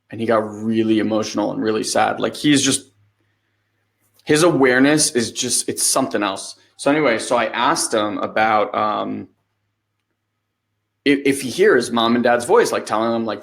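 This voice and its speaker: A man in his thirties co-hosting a podcast, telling a story in a loose, animated way and acting out the lines he quotes. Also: lowish voice, normal speed, creaky. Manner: animated storytelling, acts out quotes, swears casually. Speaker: podcast co-host. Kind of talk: casual conversation.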